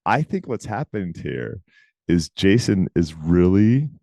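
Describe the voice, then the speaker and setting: A man co-hosting a podcast in casual chat, talking emphatically with quick asides. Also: sits low, big pitch swings, vocal fry, dark tone, no room sound. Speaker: podcast co-host.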